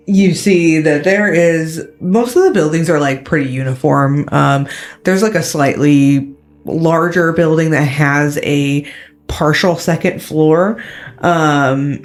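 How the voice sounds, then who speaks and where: Slow-talking woman game master. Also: sits low. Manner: relaxed, filler-heavy narration. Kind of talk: narrating a tabletop game.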